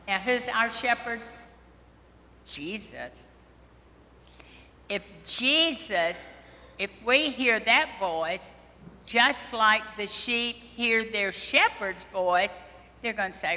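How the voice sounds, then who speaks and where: Woman pastor, bright higher voice, preaching gently to children in a reverberant church. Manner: slow, gentle, questioning children directly. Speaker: priest giving a children's homily. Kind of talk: children's sermon. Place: church sanctuary.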